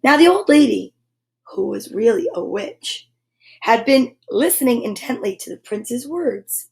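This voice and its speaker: A woman hosting a children's story time, reading books aloud in a gentle, animated way. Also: on the high side, measured pace, creaky. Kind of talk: reading picture books aloud to kids live.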